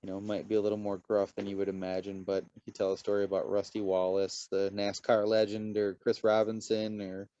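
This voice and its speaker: A man as a podcast guest, a lively storyteller who swears casually in relaxed chat. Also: lowish voice, brisk, few pauses, no echo, highs cut off.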